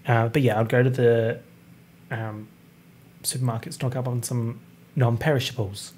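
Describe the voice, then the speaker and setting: Animated campy young man podcasting. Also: mid-range voice, moderate pace, pauses often, a little hiss or hum. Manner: animated, campy and expressive, swearing freely. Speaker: podcast host. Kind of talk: casual solo podcast chat.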